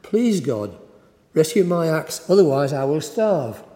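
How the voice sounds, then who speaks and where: A man's voice: fairly high pitch, sing-song, measured pace, warm tone. A male preacher voicing a poor woodcutter who pleads and then talks his way out, heard in a long, echoing hall. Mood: pleading.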